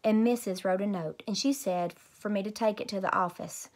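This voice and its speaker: A woman teacher reading a children's chapter book aloud as a bedtime story. Her narration is lively and expressive, and her voice sits at an ordinary pitch for a woman. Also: moderate pace.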